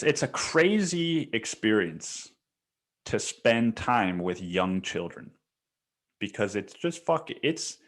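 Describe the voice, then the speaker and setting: A young man with a slightly low voice talks through a casual solo podcast episode. He rambles, swears often, and keeps restarting his sentences. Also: fairly bright tone. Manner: rambling, profane storytelling with frequent restarts. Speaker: podcast host.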